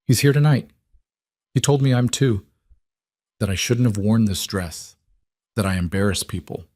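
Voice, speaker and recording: A man's voice: on the low side, moderate pace, darkish tone, no echo, studio quality, natural voice. A man voicing a hurt young woman in a romance story, speaking hesitantly and near tears. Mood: hurt, tearful. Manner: hesitant, stammering, whispery.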